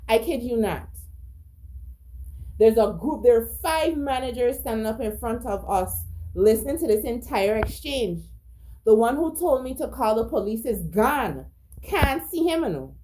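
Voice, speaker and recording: A woman's voice: fairly high pitch, lively intonation, a little slow, mellow. A woman telling a personal story in a casual monologue, agitated, profane, emphatic and repetitive. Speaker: storyteller recounting a personal incident.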